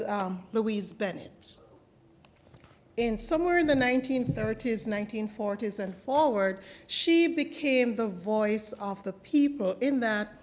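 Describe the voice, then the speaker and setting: A woman speaks to a gathered audience in a library hall. Her voice sits a little high, and she keeps things chatty and explanatory, asking the crowd questions as she goes. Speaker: guest poet. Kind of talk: talk to a live audience.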